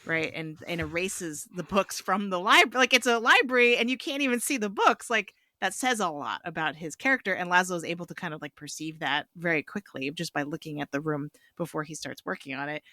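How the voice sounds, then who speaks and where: A young woman in a casual film review discussion, animated and quick to act out characters in quotes. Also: fairly low pitch, no echo, studio quality. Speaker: film review podcast panelist.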